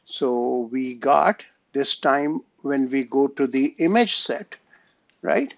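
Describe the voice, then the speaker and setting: A man giving an online math lesson at an unhurried pace, his voice gravelly and rising and falling a lot as he checks in with the class. He pauses and restarts often. The recording is dull and dry, with no room sound. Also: mid-range voice, animated, no echo. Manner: slow, halting, frequent "right?" and "okay?" checks. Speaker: math lecturer. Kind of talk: online lecture.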